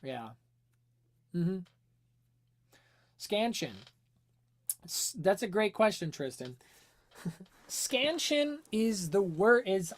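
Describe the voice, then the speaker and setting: A woman with a lowish voice hosts a music-analysis livestream and breaks songs down in a loose, conversational way. She thinks out loud, stops to answer viewers' questions, and leans on fillers as she goes. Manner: chatty, explaining, answering chat questions, many fillers. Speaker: music teacher and livestream host.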